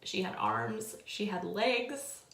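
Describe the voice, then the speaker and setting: A woman's voice: mid-range voice, sing-song, slow, fairly bright tone. A young woman in her twenties telling a personal story, tearful and overwhelmed, full of filler words. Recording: echoey room.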